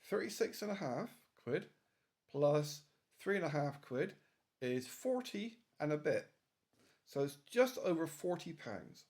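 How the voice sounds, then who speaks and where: Man, British English accent, casual vlog, sing-song and teasing, wide swooping pitch, swears casually. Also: darkish tone. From England. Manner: jokingly slips into a silly put-on accent. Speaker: vlogger. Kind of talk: casual rambling monologue.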